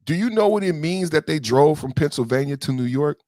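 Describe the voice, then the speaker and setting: A man's voice: a little high, animated, brisk, warm tone, dry recording, clean studio sound. A man hosting a podcast in heated livestream commentary, emotional and profane, repeating himself and answering chat commenters directly. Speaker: podcast host.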